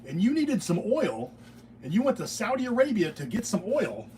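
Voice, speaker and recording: A man's voice: high voice, wildly swooping pitch, moderate pace, a little mellow. A middle-aged American man, a beekeeping channel host, giving an opinionated, digressive casual monologue in his workshop, often restarting his sentences. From United States. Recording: distant mic with faint room noise.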